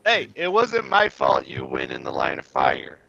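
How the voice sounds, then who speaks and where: Slow, gravelly man on a noisy lo-fi mic. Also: rumbling low, wildly swooping pitch. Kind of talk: casual livestream chat. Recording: lo-fi mic with clear noise and clicks.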